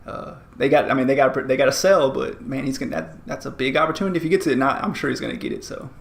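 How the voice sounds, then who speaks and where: A man's voice: mid-range voice, fairly even intonation, fast, vocal fry, reverberant. A man co-hosting a podcast in casual chat, rambling with many restarts and fillers. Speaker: podcast co-host.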